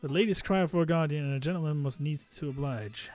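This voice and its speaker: A man voicing a grandiose, pompous gentleman detective from a game, declaiming theatrically. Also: fairly high pitch, fast, faint music behind, close to an everyday voice.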